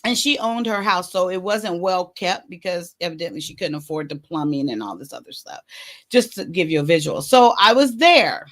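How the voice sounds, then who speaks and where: A woman hosting a vlog, telling a personal story in a candid, halting way with many fillers. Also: fairly low pitch, big pitch swings. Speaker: vlog host.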